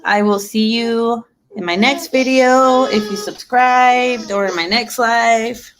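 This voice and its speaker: Young woman, casual live-stream chat, unhurried and giggly. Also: on the high side, fairly even intonation, a bit bright. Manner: chatty, giggly, rambling.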